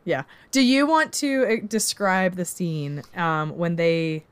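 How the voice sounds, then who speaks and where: A woman co-hosting a casual movie-review chat, retelling scenes in an animated way with lots of filler words. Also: on the low side, slow pace, crowd noise. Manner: animated retelling with acted-out quotes; many "like" fillers. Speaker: podcast co-host reviewing a movie.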